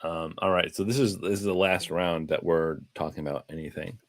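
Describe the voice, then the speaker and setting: A man's voice: sits low, steady tone, fairly quick, dry recording. A man hosting a casual chat, laid-back and swearing casually. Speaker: host.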